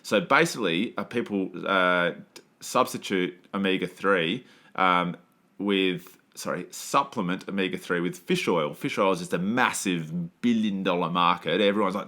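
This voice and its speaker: A man's voice: sits low, moderate pace, sharp tone. A man hosting a podcast, talking casually and rambling with many fillers and restarts. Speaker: podcast host.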